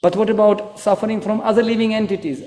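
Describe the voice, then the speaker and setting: A man from Ukraine preaching a sermon, animated and acting out quoted voices. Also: sits high, quick pace. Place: temple hall. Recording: echoey hall.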